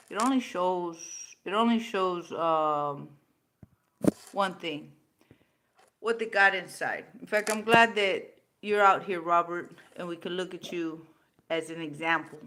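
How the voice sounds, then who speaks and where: A woman's voice: lowish voice, sharp tone, slight background noise. A woman in her fifties hosting a livestream, talking bluntly, swearing freely and answering viewer comments. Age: 50s. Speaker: livestream host. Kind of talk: unscripted livestream talk.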